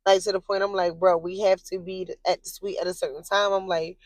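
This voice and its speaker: A young woman vlogger tells her viewers a casual, profane storytime in an animated way, her voice rising to shrill yelling as she relives her anger. Her delivery is brisk, and the recording has no echo.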